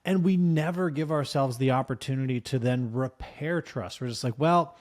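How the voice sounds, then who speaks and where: A man's voice: mid-range voice, moderate pace, a little mellow. A man co-hosting a casual business podcast, talking in a reflective, conversational way. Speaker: podcast co-host.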